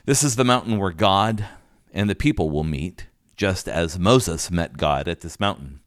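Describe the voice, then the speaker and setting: A man preaching a sermon, calmly explaining a Bible passage verse by verse, with occasional restarts and fillers. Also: sits low, measured pace, no echo, studio quality. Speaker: pastor.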